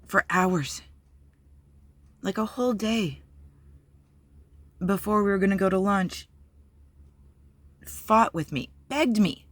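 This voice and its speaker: A woman's voice: mid-range voice, takes it slowly, pauses often, no echo. A woman candidly telling a personal story on her vlog, blunt and profane, with many fillers. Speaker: vlogger.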